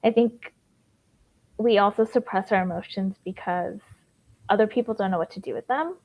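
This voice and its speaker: A woman's voice: medium pitch, normal speed, darkish tone, rough recording. A woman life coach in a casual group discussion, talking earnestly in long run-on thoughts full of "like".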